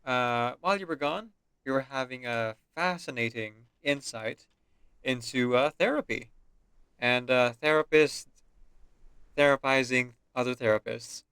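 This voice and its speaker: Bright-voiced man giving chatty commentary. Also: medium pitch, measured pace, smooth, no room sound. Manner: chatty, musing, with filler ums. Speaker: voice actor and streamer. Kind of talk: casual reaction commentary.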